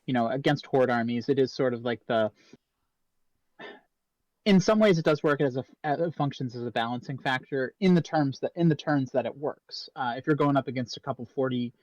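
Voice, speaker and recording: A man hosting a podcast, talking casually in a halting way with many restarts and fillers. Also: medium pitch, a little mellow, no echo, muffled recording.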